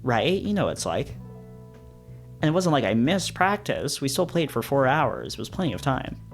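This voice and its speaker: A sulky young male lion grumbles defensively, as a man reads him out. The voice sits at a middling pitch. Quiet guitar music plays under it. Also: sing-song, moderate pace, vocal fry.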